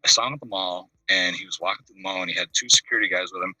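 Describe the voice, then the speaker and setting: A fast-talking man with a low, husky voice tells a rambling story and slips into the voices of the people in it. His voice is bright and swings widely in pitch. He sits back from the mic on a dry video call. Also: dry recording, recorded from a distance, poor audio. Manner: rambling anecdotes, acts out the voices of the people in them. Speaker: caller. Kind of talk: casual storytelling.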